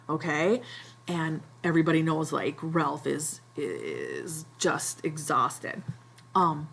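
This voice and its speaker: A woman's voice: on the low side, husky. A woman teacher chatting casually through a recap for students, full of "like" and "right?".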